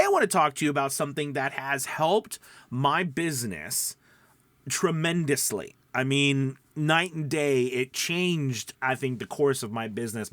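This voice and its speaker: A man's voice: a little high, no room sound. Upbeat male voiceover coach, dry sound. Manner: energetic, chatty, many fillers. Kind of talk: upbeat teaching monologue.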